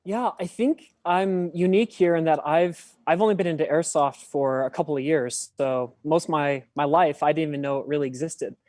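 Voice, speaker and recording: A man's voice: a little high, normal speed, few pauses, darkish tone, dry recording. Man, podcast guest, chatty, self-deprecating, dry recording. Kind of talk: casual podcast interview.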